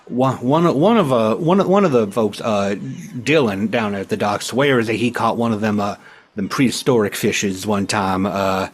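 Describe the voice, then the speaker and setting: A man's voice: on the low side, measured pace, breathy edge. A man doing a rambling old-timer local. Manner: rambling, stammering, chuckling. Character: folksy talkative older male townsman.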